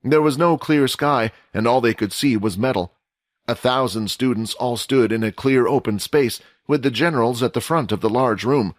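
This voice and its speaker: A man giving steady scripted narration of a fantasy audio story, doing voices for the characters. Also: medium pitch, normal speed, no echo, clean studio sound.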